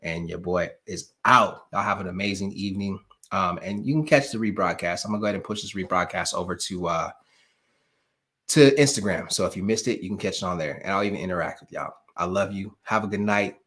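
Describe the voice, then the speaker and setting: A man's voice: low voice, fairly quick, fairly bright tone. Emphatic man giving a motivational talk. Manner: emphatic, preacher-like repetition; casual, talks straight to the audience. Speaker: motivational live-stream host. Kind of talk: motivational pep talk to viewers.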